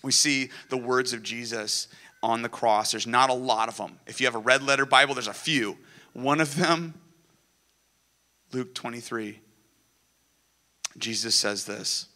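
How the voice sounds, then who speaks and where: A pastor preaching to his church, earnest and building to excited peaks. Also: mid-range voice, unhurried, long pauses. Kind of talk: sermon. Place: church sanctuary.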